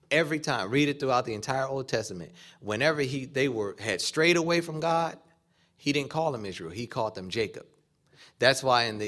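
A man's voice: medium pitch, a bit bright. A man preaching a sermon, acting out quoted dialogue as he teaches. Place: church or conference hall.

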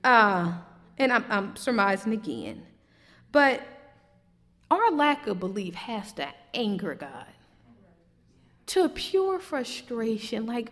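A woman preaching a sermon, swinging between loud, emphatic questions and quiet, low reflection. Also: very animated, takes it slowly, pauses often. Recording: long hall reverb.

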